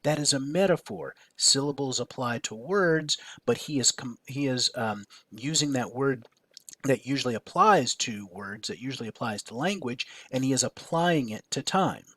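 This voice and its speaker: A male teacher talking through a lesson at an even, mid-range pitch. He hesitates a lot, fills pauses, restarts phrases and keeps checking "right?". The sound is dry and close, with no room around it. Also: no room sound. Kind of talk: recorded classroom lecture.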